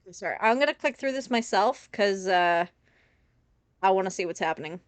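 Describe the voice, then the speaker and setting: A woman's voice: medium pitch, lively intonation, brisk, clear, resonant tone, dry recording. A woman streaming a game live, rambling through chatty tangents and laughing often. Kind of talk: casual live gameplay commentary.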